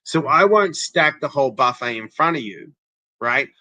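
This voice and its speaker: A man with a forceful, bright voice speaks emphatically, like a coach laying out rules. He keeps checking in with the listener as he goes. The sound is dry and close, with no room echo. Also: medium pitch, expressive, normal speed. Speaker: interventionist guest. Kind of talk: motivational interview talk.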